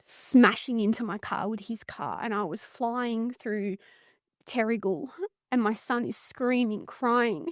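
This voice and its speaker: A woman's voice: fairly high pitch, a little slow, no room sound, clean studio sound. An Australian woman, a psychotherapist guest, telling a painful personal story in an earnest, intense and blunt way. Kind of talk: emotional personal story in podcast conversation.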